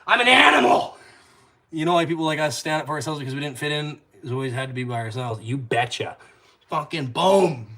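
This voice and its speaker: A man hosting a live stream, talking bluntly and with heavy swearing, jumping from loud outbursts to low muttered asides. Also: expressive, brisk, heavy background noise. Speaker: YouTube channel host. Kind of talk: profane live-stream rant.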